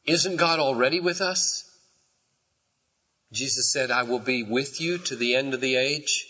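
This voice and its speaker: Older male pastor, bright forceful voice, slow deliberate sermon delivery, dull recording in a reverberant church hall. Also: mid-range voice. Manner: impassioned, swings from quiet to shouting.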